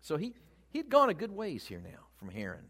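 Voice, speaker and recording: A man preaching a sermon, speaking with animated emphasis that rises and falls in loudness. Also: fairly high pitch, moderate pace.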